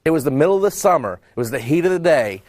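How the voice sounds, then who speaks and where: A middle-aged man from Texas gives a sales talk full of stories, slipping into the voices of the people in them. His voice sits a little high. The sound is dry and close to the mic. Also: fast, dry recording. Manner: animated storyteller, acts out dialogue. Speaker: sales trainer and speaker.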